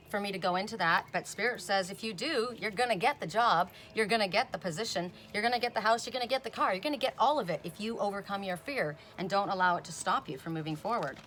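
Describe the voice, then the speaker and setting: This woman's voice sits at medium pitch with a sharp edge, and there's slight noise in the background. Her oracle card reading is relaxed and chatty, full of tag-on "right?"s and abrupt, forceful interruptions of "Stop."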